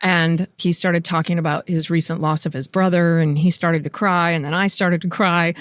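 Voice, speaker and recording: A woman hosting a podcast, talking candidly and swearing freely, animated when she retells stories. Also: fairly low pitch, moderate pace, no echo. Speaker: podcast host. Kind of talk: casual interview chat and closing narration.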